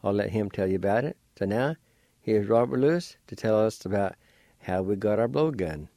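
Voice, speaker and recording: A male radio host introduces the next segment in a calm, measured way. His voice is low and mellow, and the sound is dry and close. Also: no room sound.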